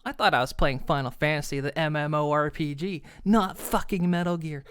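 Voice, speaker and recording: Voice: mid-range voice, normal speed, fairly bright tone, clean tone. A streamer giving live gameplay commentary, ranting with exasperation, swearing often and laughing between complaints.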